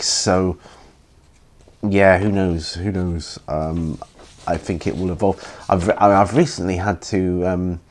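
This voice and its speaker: A tired man hosting a hobby Q&A, rambling and hesitant with many pauses and ums, yawning as he goes. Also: sits low, darkish tone. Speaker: hobby channel host answering viewer questions. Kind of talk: casual Q&A chat.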